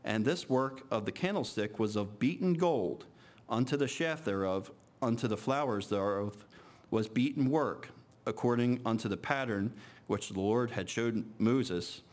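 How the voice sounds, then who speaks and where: A man preaching to a congregation, reading scripture aloud slowly and then talking casually with restarts. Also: mid-range voice.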